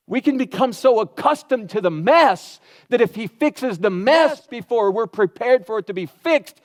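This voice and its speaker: A man with a high voice preaches a sermon. He talks to the room in a chatty way, with rhetorical questions and quotes that he acts out. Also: animated, moderate pace, few pauses. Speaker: pastor.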